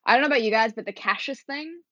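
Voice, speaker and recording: A woman co-hosting a podcast in casual book chat, talking fast and animated, with lots of fillers and some swearing. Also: fairly high pitch, dry recording, highs cut off. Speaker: podcast co-host.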